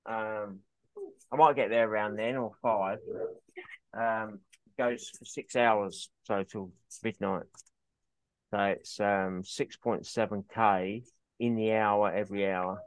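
An easygoing man in casual podcast chat. His voice sits slightly low and is recorded dry and close. He often answers with short, agreeable replies. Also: steady tone, takes it slowly, no room sound. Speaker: podcast co-host.

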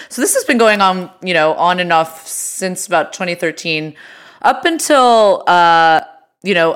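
A woman co-hosting a podcast, chatting casually about politics with quick, hedging asides. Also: fairly low pitch, fairly bright tone, clear, resonant tone. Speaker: podcast co-host.

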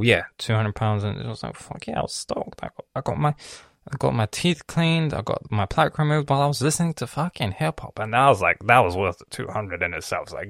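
A young man talking in a casual, rambling monologue, cursing often and filling pauses with ums and restarts. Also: fairly low pitch, dry recording, clean studio sound. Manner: profane, rambling, with many fillers and restarts. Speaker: vlogger.

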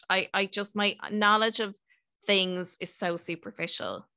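A woman in her thirties hosting a podcast, telling a story in a chatty, self-mocking way with quick asides. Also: mid-range voice, sharp tone, no room sound, studio quality. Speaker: podcast host. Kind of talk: casual chat and storytelling.

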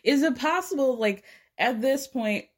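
A woman's voice: high voice, lively intonation, unhurried. A woman hosting a podcast, recapping a show in a chatty, sarcastic way with frequent laughs. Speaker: podcast host. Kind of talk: casual recap chat.

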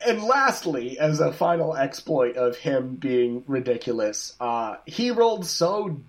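A man's voice: medium pitch, unhurried. A man casually telling a history story to his co-hosts, joking and swearing as he goes. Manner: profane, joking, animated storyteller.

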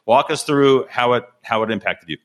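A man's voice: medium pitch, moderate pace, fairly bright tone. Male podcast host, friendly interviewer, average voice. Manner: leading questions, friendly and conversational. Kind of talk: casual interview chat.

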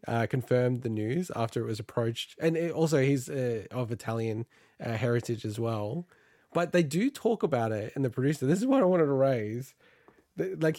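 A man's voice: mid-range voice, warm tone, no echo, clean studio sound. A man co-hosting a gaming news podcast, chatting casually, laughing often and interrupting himself. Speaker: podcast co-host reading the news.

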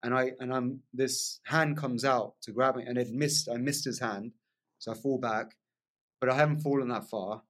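A man guesting on a podcast spins a vivid personal story in casual conversation, full of excitable energy. His voice is an ordinary middle pitch, and he speaks loosely, laughing along the way and peppering sentences with "like."

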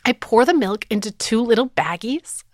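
Woman host, thirties, high voice, dry close mic, fired-up emphatic storytelling. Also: lively intonation, moderate pace, darkish tone, dry recording. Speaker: podcast host. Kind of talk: animated storytelling.

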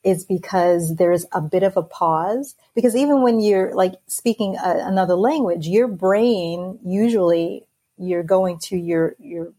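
A woman hosts a podcast conversation, with a breathy, slightly husky voice. She talks in an easy, lively way and laughs often with her guest. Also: fairly low pitch, unhurried. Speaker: podcast host. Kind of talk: casual interview chat.

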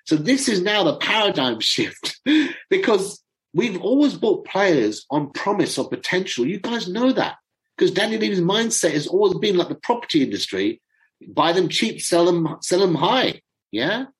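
A middle-aged man chatting to viewers as a football fan commentator, excitable and chatty, often stumbling over names. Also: high voice, moderate pace, poor audio. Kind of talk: casual chat to viewers.

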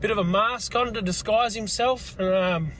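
A man's voice: high-pitched, normal speed, a bit bright, slight background noise. An Australian man calling in and telling a crude, rambling joke as a voice message. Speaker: caller.

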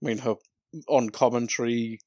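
A man co-hosts a podcast in a relaxed, rambling way, laughing and sighing as he goes. His voice sits in the middle of the male range, and the sound is dry and close. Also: mid-range voice, normal speed, no room sound. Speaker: podcast co-host. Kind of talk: casual wrestling chat.

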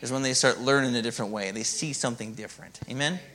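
A man preaching a sermon as pastor, in a lively, conversational way and often asking "Amen?". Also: medium pitch, quick pace.

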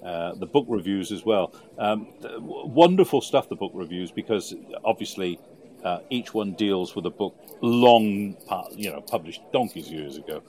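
A man co-hosting a podcast in casual chat, effusive and quick to praise. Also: deep voice, expressive, dark tone. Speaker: podcast co-host.

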